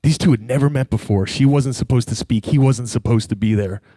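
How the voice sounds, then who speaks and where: A man speaking on stage to a live audience, telling a personal story in an animated way and acting out the voices of the people in it. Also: mid-range voice, a little fast, husky, no echo. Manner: animated, acts out quoted voices.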